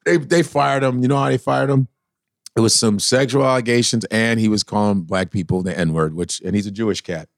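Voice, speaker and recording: A man chatting on a podcast as a comedian guest, an animated storyteller who slips into voices. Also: lowish voice, fairly quick, gravelly, no room sound, clean studio sound. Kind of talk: casual podcast chat.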